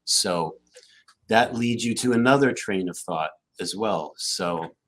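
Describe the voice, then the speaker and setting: A man speaking on a casual panel chat, animated and full of questions. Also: low-pitched, takes it slowly.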